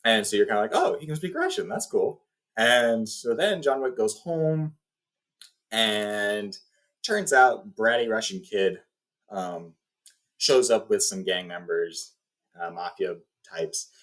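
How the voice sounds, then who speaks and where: A man with a fairly low voice retells a film plot in casual, rambling fashion. He restarts lines and leans on fillers as he goes. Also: slow, a bit bright. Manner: rambling, filler-heavy storytelling. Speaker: video host.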